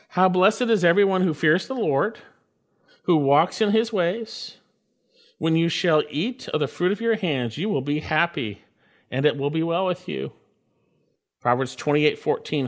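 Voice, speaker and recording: A man preaching a sermon, reading scripture and stressing his points with emphatic, swelling exclamations. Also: fairly high pitch. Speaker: pastor.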